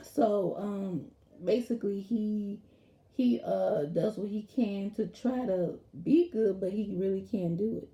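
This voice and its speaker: Dark-voiced woman recapping a TV episode. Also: medium pitch, slow. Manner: rambling, animated retelling with quoted lines. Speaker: TV episode reviewer. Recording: roomy echo.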